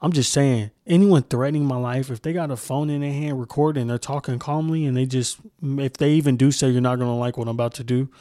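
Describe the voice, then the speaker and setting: A man's voice: mid-range voice, fairly even intonation, fast talker, few pauses, warm tone, no room sound, studio quality. A young man hosting a solo podcast, ranting with heavy profanity and mocking impressions. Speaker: podcast host. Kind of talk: heated solo podcast rant.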